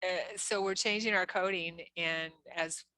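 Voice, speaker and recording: Bright-voiced woman hosting a chat. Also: fairly low pitch, fairly even intonation, unhurried. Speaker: podcast host. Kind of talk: casual interview chat.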